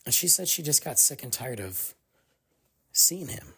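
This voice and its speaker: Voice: medium pitch, very animated, unhurried, vocal fry, sharp tone, slightly rough. A podcast host giving a casual commentary monologue, speaking emphatically and acting out quoted dialogue.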